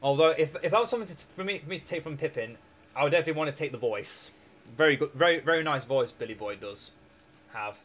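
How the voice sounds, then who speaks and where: A young Scottish man with a sore throat streams a strategy game, rambling, joking and laughing often in casual live-stream chat. His voice is on the high side, fast and fairly bright.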